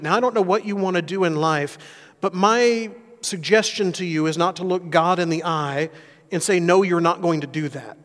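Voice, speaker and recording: A pastor preaching a sermon, telling a personal story in an earnest, conversational way. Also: male voice, sits high, moderate pace, fairly bright tone. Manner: earnest storytelling, rising intensity on key points. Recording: long hall reverb.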